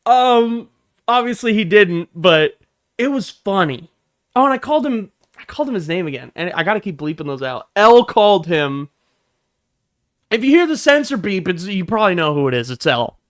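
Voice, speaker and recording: A man's voice: high-pitched, very animated, moderate pace, no echo, clean studio sound. A young man vlogging an angry workplace story, profane and emphatic, acting out what people said. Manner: profane, emphatic, acts out quotes with sudden loud bursts. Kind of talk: animated storytelling vlog.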